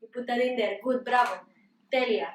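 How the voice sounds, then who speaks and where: A woman's voice: fairly high pitch, fairly quick, recorded from a distance, slight background noise. Woman in a put-on Greek accent, echoey room. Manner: mock-serious, coaxing instructions with playful repetitions. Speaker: host demonstrating a recipe. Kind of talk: comedic cooking demonstration.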